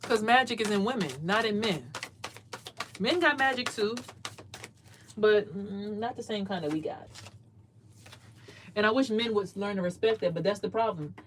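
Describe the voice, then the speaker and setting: A woman of medium pitch and lively intonation talks at normal speed, leaving long pauses, amid background noise. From a small closet she hosts a casual card-reading livestream, lecturing emphatically, repeating words, and loudly mimicking others.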